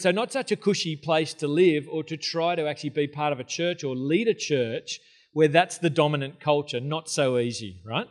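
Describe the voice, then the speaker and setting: A man preaching in a church with a slightly higher voice than most men. He keeps it casual and conversational, dropping in jokes and asides as he teaches. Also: normal speed. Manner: casual, joking, conversational preaching with filler words. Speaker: pastor. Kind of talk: sermon. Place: church hall.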